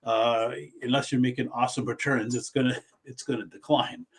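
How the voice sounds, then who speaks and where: A man's voice: mid-range voice, fairly even intonation, moderate pace, breathy edge. A middle-aged financial planner from Canada explaining things casually, often restarting his sentences.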